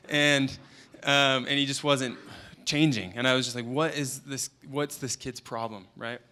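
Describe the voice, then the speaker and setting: A man's voice: mid-range voice, steady tone, normal speed, sharp tone, clear, resonant tone. An earnest man in his thirties shares stories from his work and his family in a motivational conference talk. He speaks as a parenting expert. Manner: earnest storytelling, quoting a client and his child. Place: conference event.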